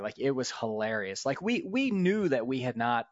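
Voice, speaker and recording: A man's voice: medium pitch, normal speed, no echo. Laughing man telling war stories. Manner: laughing, animated storyteller. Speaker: podcast host. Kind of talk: casual storytelling among old comrades. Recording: dull lo-fi podcast audio.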